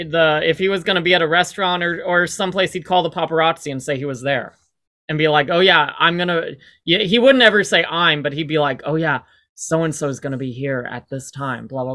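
A man's voice: a little high, sharp tone. A man talking as a podcast guest in a rambling, casual way, full of "like" fillers. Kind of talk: casual interview chat.

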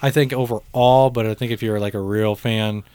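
A man's voice: on the low side, normal speed, clear, resonant tone, dry recording. A man co-hosting a podcast, telling concert stories in a casual, profane way. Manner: profane, animated storytelling. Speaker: podcast co-host. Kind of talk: casual chat.

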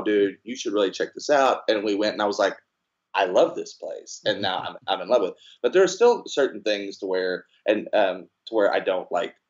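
A man telling a story as a podcast guest, acting out the voices in his tale with big swings in pitch. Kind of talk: animated storytelling. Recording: dull lo-fi podcast audio.

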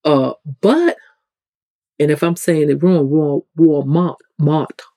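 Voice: lively intonation, slow, dark tone, no echo. A host with a New York accent giving a casual, rambling spiritual teaching talk, restarting sentences often. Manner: conversational, rambling, with frequent restarts; acts out quoted people with sudden pitch jumps.

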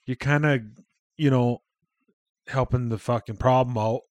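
A man in his thirties talks loosely on his podcast, dropping curses and chuckling through quick asides. His voice sits in a middle register. The sound is dry and close, with no room echo. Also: medium pitch, fairly even intonation. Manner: loose and profane, laughs often, quick asides. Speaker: podcast host. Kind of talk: casual chat.

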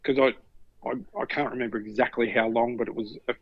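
Fast and husky, this medium-pitched Australian man in his fifties comes through a dull, lo-fi, dry recording. He's a former paramedic co-hosting a podcast, trading lively anecdotes in casual conversation and performing the characters' voices.

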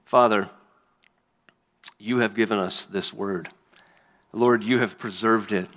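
A man's voice: on the low side, fairly even intonation, slow pace, fairly bright tone. A man reading scripture aloud and preaching as a pastor, earnest and emphatic. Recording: long hall reverb.

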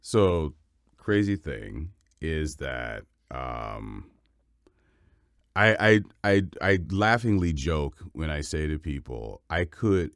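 A man's voice: rumbling low, lively intonation, slow pace, no echo, clean studio sound. A man in his fifties, a voice actor from Cleveland, answering interview questions in a rambling, digressive way. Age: 50s. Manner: digressive, full of restarts and asides. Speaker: voice actor and guest.

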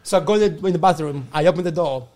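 A man's voice: a little high, racing, a little mellow. A man, a guest comedian, telling a rowdy story in a casual chat, laughing and swearing as he acts out the people in it.

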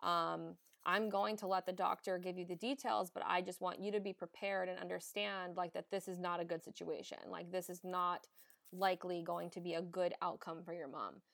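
A woman's voice: on the low side, fairly even intonation, normal speed, vocal fry, a bit bright, no room sound, studio quality. A young woman who works as an emergency nurse, hosting a podcast and speaking frankly and emphatically, often swearing, in casual chat.

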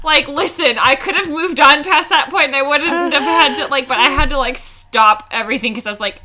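A woman's voice: high-pitched, brisk, bright, forceful tone. A woman co-hosting a podcast, chatting in a giggly, teasing way. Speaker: podcast co-host. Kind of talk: casual chat.

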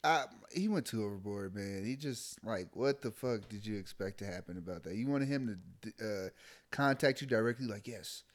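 A man's voice: fairly low pitch, lively intonation, a little fast. A young adult man, an army sergeant, venting bluntly and profanely in casual chat.

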